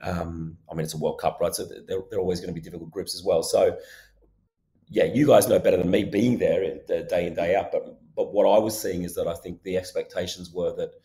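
A man interviewed as a guest journalist, his voice going hoarse, answering in a thoughtful, rambling way. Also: low-pitched, fairly even intonation, brisk, dark tone. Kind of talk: remote interview.

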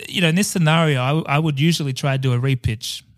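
A man's voice: on the high side, steady tone, fast talker, no echo, studio quality. Chatty, laughing podcast host man. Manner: playful, laughs often, chatty with restarts. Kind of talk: casual chat.

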